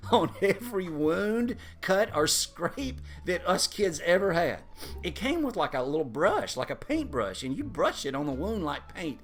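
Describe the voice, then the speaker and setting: A man telling a funny personal story in a casual, animated way and chuckling through it. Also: sits high, unhurried.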